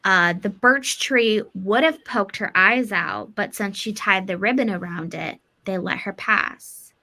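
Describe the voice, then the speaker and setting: Woman podcast host, casual folklore storyteller, bright chatty voice. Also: mid-range voice, unhurried. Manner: loose, chatty, with many fillers and swearing.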